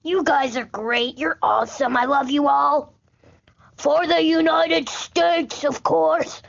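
A woman's voice: sits high, fairly even intonation, takes it slowly, vocal fry, dull audio, exaggerated voice. Woman doing a rambling panicky president. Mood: friendly. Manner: rambling, easily frightened, screams often. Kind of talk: homemade comedy skit.

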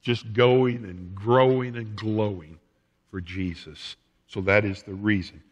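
A man preaching a sermon in a church. He speaks slowly and earnestly in a low voice, drawing out his emphatic phrases and letting them fade at the ends. The sound carries a long church reverb. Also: fairly even intonation, slightly rough, lo-fi sound. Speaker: pastor. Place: church sanctuary.

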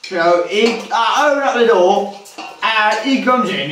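High-pitched man, bouncy voice, joking banter, echoey room, far from the mic. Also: measured pace, soft background music. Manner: animated, mocking put-on British voices. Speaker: co-host of an online cooking show. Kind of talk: joking banter and silly storytelling. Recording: roomy, distant, faint noise.

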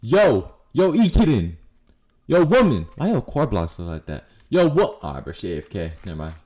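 A man's voice: mid-range voice, wildly swooping pitch, normal speed, a little mellow. A man giving crude, joking commentary while playing a game online, trash-talking other players. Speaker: gaming streamer. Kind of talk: casual gameplay commentary.

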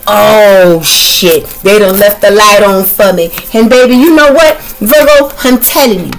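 A woman's voice: medium pitch, measured pace, hardly any pauses, soft background music, rough recording. A woman doing a tarot reading in a brash, comedic way, swearing constantly and hurling colorful insults. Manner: profane, trash-talking, animated. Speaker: tarot reader.

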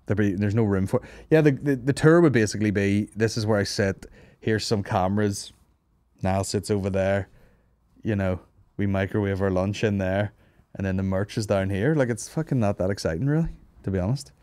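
A man's voice: fairly low pitch, fairly quick, darkish tone, no room sound. A man hosting a comedy podcast, rambling and swearing as he jokes crudely with his co-host.

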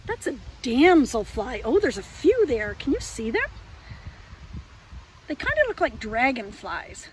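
A woman leading an outdoor lesson for young children, talking gently in a sing-song way, as if to friends. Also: a little high, very animated, measured pace, a little hiss or hum. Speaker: early years educator. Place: outdoors in a yard and woods.

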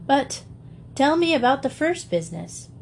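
A woman voicing a stern but kindly middle-aged father in an audiobook reading, brisk and gently reproving. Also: sits high, big pitch swings, vocal fry, slight background noise, voice pushed up, heavily acted. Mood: easygoing.

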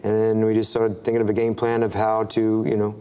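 Animated storytelling man, studio interview. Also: fairly low pitch, a little fast, slight background noise. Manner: animated, acts out dialogue with many "I'm like" quotes; filler-heavy, restarts often. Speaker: actor, interview guest. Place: TV studio, seated at a table.

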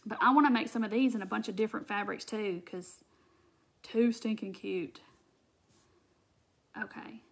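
In her live craft tutorial, the host chats with viewers and responds to comments as she works, speaking at a normal speed with long pauses. Her voice sits in the mid range.

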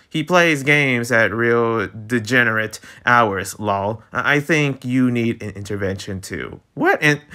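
A young man reading a romance webtoon aloud, breaking off into excited, reactive commentary. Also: medium pitch. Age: young adult. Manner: animated, jumps between reading and excited reactions. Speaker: webtoon reader.

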